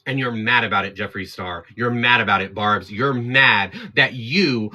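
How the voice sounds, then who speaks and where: A man's voice: fairly low pitch, normal speed, sharp tone. A man hosting his own livestream, talking straight at his chat in a heated, defiant rant. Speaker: livestream host.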